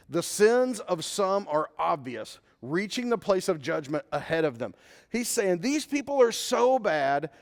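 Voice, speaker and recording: A man preaching a conversational sermon as a pastor, mixing scripture with a personal story. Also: high voice. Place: church sanctuary. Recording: long hall reverb.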